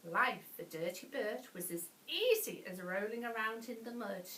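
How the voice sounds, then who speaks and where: A woman reading a bedtime story to children, animated, with gasps and playful asides. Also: on the high side, moderate pace, recorded from a distance. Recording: echoey room, voice off-mic.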